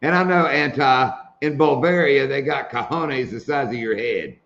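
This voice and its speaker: A man's voice: mid-range voice, normal speed, gravelly, a bit bright, highs cut off. A man hosting a casual live stream, telling jokes and laughing at them. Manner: joking storyteller, laughs at own jokes.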